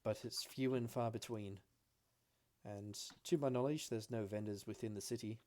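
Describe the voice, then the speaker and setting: A man's voice: lowish voice, fairly even intonation, normal speed, mellow, natural voice. A man voicing a polite, eager young female elf scholar, lifting his voice a little for her.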